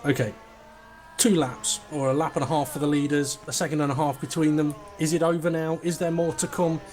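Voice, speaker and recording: A man's voice: fairly high pitch, flat delivery, a little fast, darkish tone. A young man co-commentating a sim race, chatty, joking and enthusiastic.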